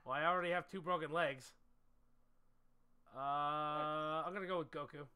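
A man streaming a card game with friends, reading cards aloud, swearing and laughing loudly. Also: on the high side, steady tone, normal speed, clean tone. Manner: loud, laughing, swears a lot. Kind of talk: casual game chat.

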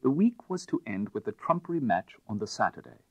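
A man narrating a classic tale as an audiobook in a measured, expressive way. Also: lowish voice, husky, dry recording.

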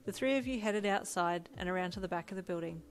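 A woman narrating a second-person fan story in a steady, plain reading voice. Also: fairly low pitch, quick pace. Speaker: fanfiction reader. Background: faint music.

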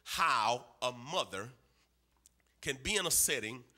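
A man's voice: mid-range voice, lively intonation, slow pace, bright, forceful tone. A man preaching a sermon in a church, emphatic and rhythmic, with repeated phrases and call and response. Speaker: pastor. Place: church sanctuary.

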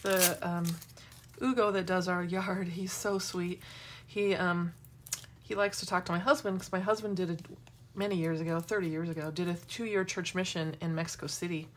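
A woman's voice: lowish voice, fairly even intonation, moderate pace, a little hiss or hum. A middle-aged woman hosting a casual craft tutorial, chatting and wandering into asides as she works. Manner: chatty, rambling asides while working. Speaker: craft demo host.

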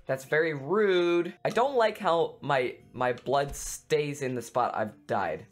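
A man giving excitable let's play commentary on a video game, screaming and making silly sound effects. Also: mid-range voice, takes it slowly, soft background music. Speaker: gaming YouTuber.

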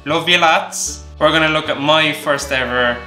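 Irish guy rambling jokey vlog talk, a bit high-pitched, faint music behind. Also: moderate pace, bright, forceful tone. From Ireland. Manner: rambling, joking, self-mocking. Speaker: vlogger host. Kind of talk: casual comedic vlog monologue. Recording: echoey room, faint music.

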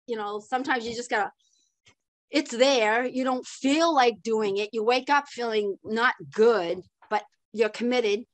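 Older woman guest, storyteller, higher pitch, dry close sound, laughs and acts out the voices. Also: unhurried, dry recording. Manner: animated storyteller, laughs often, acts out quoted dialogue. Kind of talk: storytelling interview.

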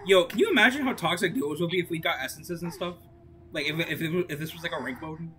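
A woman streamer chatting casually while gaming, excitable, laughing often and swinging between moping and yelling. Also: fairly low pitch, a little fast, a little hiss or hum.

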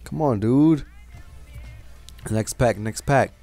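A man's voice: medium pitch, takes it slowly, mellow, faint music behind. A man hosting a gaming channel, giving casual commentary, frustrated and swearing as he grumbles about bad luck.

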